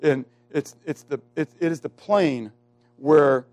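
A man preaching a sermon who keeps asking the congregation questions and waiting for their answers. He slows down to stress key words and moves between loud, emphatic lines and quiet asides. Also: on the high side, faint music behind.

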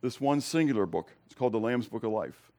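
A man preaching a sermon to his congregation, conversational, asking them direct questions and moving between loud emphasis and quiet, low remarks. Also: animated, brisk. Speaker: pastor. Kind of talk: expository sermon.

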